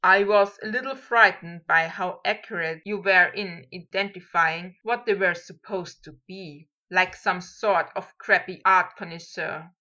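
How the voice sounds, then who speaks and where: A woman's voice: lowish voice, a little slow, few pauses, sharp tone. A woman voicing a young male wizard painter who talks in a dry, teasing, self-mocking way, on a dull lo-fi recording.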